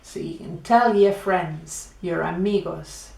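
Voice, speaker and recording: A woman's voice: lowish voice, takes it slowly, gravelly, few pauses, darkish tone. A woman teaching a playful Spanish lesson, acting out silly laughs and animal noises as she demonstrates sounds. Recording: echoey room.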